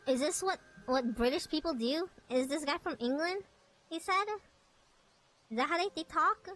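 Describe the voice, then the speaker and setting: A woman's voice: sits high, lively intonation, normal speed, fairly bright tone, soft background music, rough recording. A woman streamer reading a visual novel aloud and breaking in with exasperated, joking comments.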